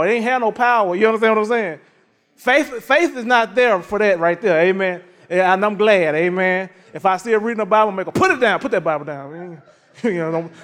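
In a large hall, a middle-aged preacher delivers his sermon through lively, folksy storytelling full of laughter, his voice sitting high.

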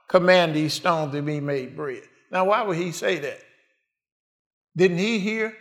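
A man's voice: fairly high pitch, slow pace, pauses often, fairly bright tone. A man preaching a sermon in a call-and-response way, asking the congregation questions and answering them.

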